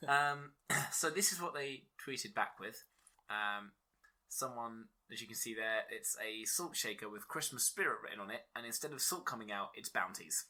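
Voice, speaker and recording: A man co-hosting a casual podcast, swearing often and laughing through animated banter. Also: mid-range voice, moderate pace. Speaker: podcast co-host.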